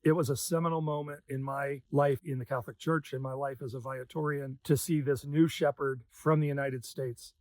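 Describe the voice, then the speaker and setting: A man's voice: medium pitch, fairly even intonation, normal speed, hardly any pauses, no room sound. A man in the news business sharing a personal story in an earnest, emotional way. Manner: earnest, emotional, soft-spoken at times. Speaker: news sales manager. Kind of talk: personal reflection.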